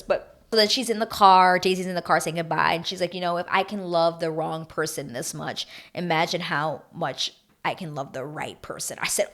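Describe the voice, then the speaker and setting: Young female vlogger, slightly low voice, gushy and rambling as she recaps a show. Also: steady tone, brisk, hardly any pauses, a bit bright. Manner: chatty, gushing, filler-heavy with emotional asides. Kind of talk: casual reality TV recap.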